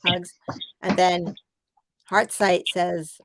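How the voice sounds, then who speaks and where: Woman, Long Island New York accent, rambling live-chat host, mid pitch, dry close sound. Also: expressive, a little fast, no room sound. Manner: chatty, laughs often, rambling. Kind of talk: casual late-night chat.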